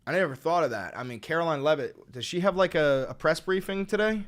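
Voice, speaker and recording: Excitable shouting streamer man. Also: fairly high pitch. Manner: excitable, swears a lot, bursts into shouting; repeats words in rapid strings. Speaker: streamer reading chat. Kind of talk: live stream reacting to chat.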